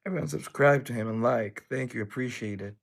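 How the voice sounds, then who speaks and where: Gravelly young man chatting on a livestream. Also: medium pitch, fairly quick. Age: young adult. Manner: reads chat aloud and answers, rambling and playful. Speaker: livestream host. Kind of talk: casual livestream chat.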